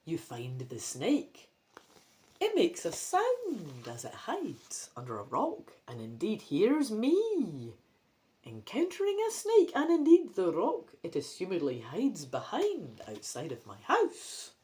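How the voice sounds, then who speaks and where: A Scottish woman reads a choose-your-own-adventure book aloud and breaks off for playful, self-mocking commentary. Her voice leaps around with very lively intonation. She takes her time, reading at a slow, easy pace. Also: medium pitch. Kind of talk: reading a storybook aloud with chatty asides.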